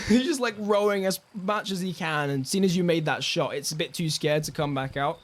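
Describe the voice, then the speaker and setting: A man's voice: a little high, fairly quick. A man narrating a tabletop game as game master, rambling and full of fillers. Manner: rambling, lots of "like".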